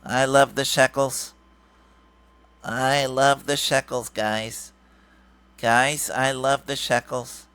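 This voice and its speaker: A man's voice: mid-range voice, little pitch movement, slow pace, long pauses, sharp tone, clean tone, no echo. A man putting on a mocking nasal voice for a greedy, whiny male grifter who keeps begging for money. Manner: mocking, sing-song and repetitive. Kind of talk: mocking impression.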